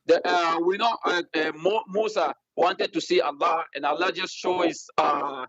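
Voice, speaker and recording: Brief: male debate caller, fairly high voice, defensive and halting, heard over a dull lo-fi call line. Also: steady tone, a bit bright, no echo. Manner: defensive, halting, uses fillers. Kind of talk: heated live debate.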